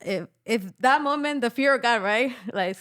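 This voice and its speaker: Speaking at a moderate pace with a fairly high pitch, this young woman tells an emotional story from her own life as a guest on a podcast. She performs the quoted voices of the people involved with lively storytelling flair, captured in studio quality with no echo.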